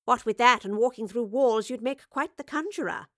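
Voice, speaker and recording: A woman voicing an unflappable female professor who speaks calmly and teases with dry, cutting wit. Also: fairly high pitch, moderate pace, no echo, lightly acted. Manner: calm, dry and quietly cutting. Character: sharp-witted female professor, unflappable and dryly teasing.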